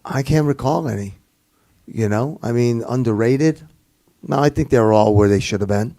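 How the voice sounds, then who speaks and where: Casting note: gravelly middle-aged man, mid pitch, laid-back chat. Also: normal speed, mellow. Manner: repeats the question aloud, thinks before answering. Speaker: co-host, former wrestler. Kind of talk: casual podcast chat.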